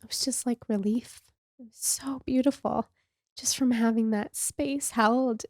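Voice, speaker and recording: A woman hosting a podcast, opening up about her own life with raw, confessional honesty. Her voice is mellow and warm with a gravelly fry, and at times it sinks into a hushed near-whisper. The sound is dry and close, with no room echo. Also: fairly high pitch, steady tone, unhurried. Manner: open, emotional and confessional, drifting into soft near-whispers. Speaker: podcast host. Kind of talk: candid personal storytelling.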